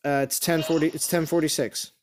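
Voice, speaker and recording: A man's voice: fairly high pitch, steady tone, a little fast, slight background noise. A man hosting a casual game live stream, rambling with lots of fillers and restarts. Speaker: game livestream host.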